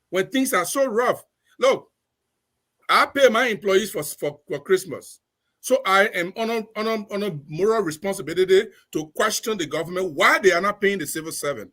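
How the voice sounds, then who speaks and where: A man's voice: high voice, lively intonation, moderate pace, pushed and bright. A man giving impassioned political commentary on a talk show, emphatic and repeating his points. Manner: preachy, emphatic, repeats phrases.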